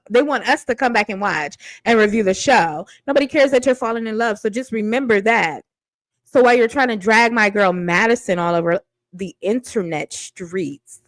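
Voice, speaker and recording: A woman's voice: a little high, dry recording, poor audio. Sassy, blunt woman reviewing reality TV. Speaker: reality TV commentator. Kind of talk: casual reaction commentary.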